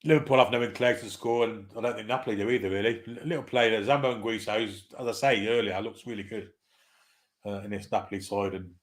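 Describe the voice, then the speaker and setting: A man hosting a live football watchalong, calling the play in a relaxed, wry way and chatting with viewers. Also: lowish voice. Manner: laid-back, chatty, wry. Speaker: watchalong host. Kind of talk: casual live match commentary, reading chat.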